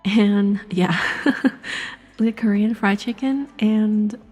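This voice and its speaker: A young woman streamer with a voice roughened by a cold, chatting casually. She giggles often, fills her talk with "like," and sometimes drops into a whisper. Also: medium pitch, steady tone, extremely slow, soft background music. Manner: giggly, soft and filler-heavy, drifting into whispers. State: sick, slightly rough voice.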